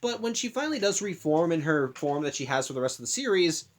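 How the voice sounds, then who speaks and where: A man's voice: fairly high pitch, big pitch swings, quick pace. A man hosting a casual spoken analysis of a cartoon episode at home, rambling, restarting sentences and apologizing for interruptions. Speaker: host.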